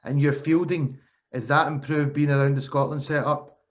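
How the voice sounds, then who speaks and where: A man's voice: on the high side, steady tone, normal speed. Man asking friendly interview questions. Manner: friendly, conversational.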